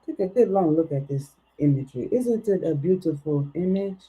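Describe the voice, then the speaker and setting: A woman's voice: on the low side, animated, normal speed, warm tone, husky, poor audio. A woman putting on a put-on accent as a lofty, old-fashioned oracle during a livestream tarot reading, speaking in archaic, formal phrases.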